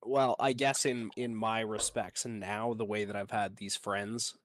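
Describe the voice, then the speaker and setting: A man at a tabletop game session, his voice on the low side and dry, with no room sound. He rambles through his plans and swears freely. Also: little pitch movement, a little slow, no echo. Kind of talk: casual gaming chat.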